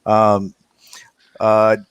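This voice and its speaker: A man hosting a podcast in casual group chat, laughing often and filling pauses with many "uh"s and restarts. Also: fairly low pitch, completely flat delivery, smooth, dry recording. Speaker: podcast host.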